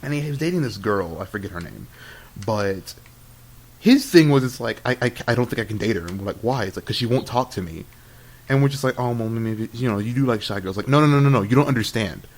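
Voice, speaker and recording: This podcast co-host, a young man from Texas, talks a little fast in a fairly low, animated voice with a somewhat dark tone. He rambles through a story, quoting dialogue and laughing a lot, in casual chat recorded amateurishly with audible noise.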